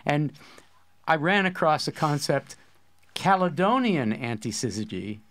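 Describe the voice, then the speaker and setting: A man's voice: on the high side, very animated, a little slow, fairly bright tone. A man hosting a poetry course discussion, explaining ideas with eager enthusiasm in a casual academic way.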